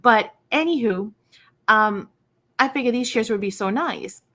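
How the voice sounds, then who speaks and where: A woman's voice: fairly high pitch, expressive, measured pace, bright, forceful tone. A middle-aged woman hosting a craft livestream, chatting casually and acting out the voices in her stories with folksy, self-deprecating asides. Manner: chatty storyteller acting out quoted dialogue. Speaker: craft channel host.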